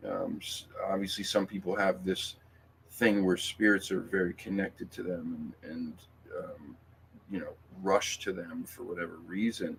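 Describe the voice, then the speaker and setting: Male livestream host, very low voice, rambling and emphatic, faint hiss behind. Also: steady tone, a little slow, gravelly, a bit bright. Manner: rambling, emphatic, swears, with many fillers and restarts. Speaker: livestream host reading viewer comments. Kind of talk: casual livestream chat.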